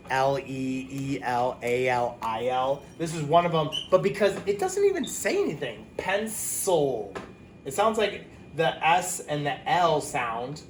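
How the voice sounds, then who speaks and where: A man teaching a phonics lesson to young children, talking casually, with quick asides and self-corrections. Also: medium pitch, a little hiss or hum.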